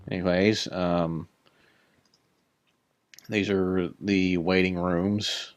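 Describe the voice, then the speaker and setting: In a low-pitched, slightly worn voice, a Minecraft builder gives a casual tour, speaking a little slowly and pausing often. He rambles, pokes fun at himself, and talks to creatures in the game, with no echo in the recording.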